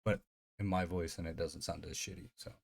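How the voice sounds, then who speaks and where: A man's voice: sits low, fairly even intonation, a little fast, vocal fry, slightly rough. A man streaming live, chatting casually in a rambling, profane way full of fillers. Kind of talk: casual livestream chat.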